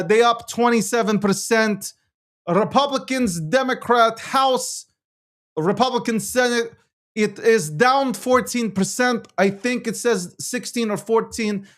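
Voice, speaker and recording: A high-voiced man riffs through a casual crypto market livestream as its weekly co-host. He brags and jokes as he goes, halting and repeating his phrases while he reads through the numbers. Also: fairly bright tone.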